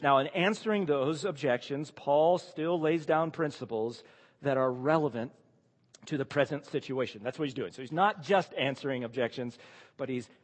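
A man's voice: mid-range voice, big-room sound. A man preaching an expository sermon, reading scripture aloud and then explaining it with emphatic rhetorical questions.

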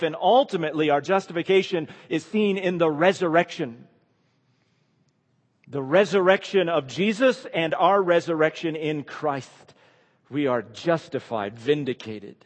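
A man preaching in an earnest, emphatic way, his voice sitting a little higher than most men's. He often sinks into a soft, hushed tone. A long reverb trails each phrase, as in a large hall. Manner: earnest, emphatic, often drops to a quiet hush. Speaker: pastor. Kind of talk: sermon.

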